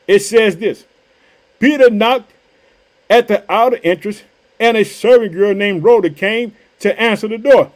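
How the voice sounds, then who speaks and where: A high-voiced man preaching a fired-up sermon over a livestream mic. He reads scripture, then bursts into exclamations and repeats his catchphrases again and again. His voice sits well above most men's. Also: a little slow. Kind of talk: energetic sermon with scripture reading.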